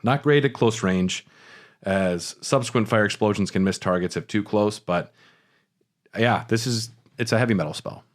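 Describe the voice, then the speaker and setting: A man's voice: lowish voice, moderate pace. A man co-hosting a casual gaming podcast, reading spell descriptions and throwing in dry jokes and movie references. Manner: dry joking asides and pop culture riffs. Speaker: podcast co-host. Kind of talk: casual chat.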